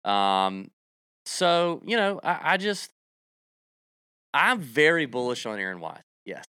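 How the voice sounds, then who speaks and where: Bright, crisp-voiced male podcast host. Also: mid-range voice, very animated, slow, no echo, clean studio sound. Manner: rambling, jokey, salesy announcements. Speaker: golf betting podcast host. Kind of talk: casual podcast chat.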